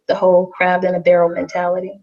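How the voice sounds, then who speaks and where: A woman's voice: fairly low pitch, monotone, fast talker, dull audio. A woman in a heated online voice chat who defends herself, insists on her point and often repeats herself. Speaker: guest defending herself in a livestream debate.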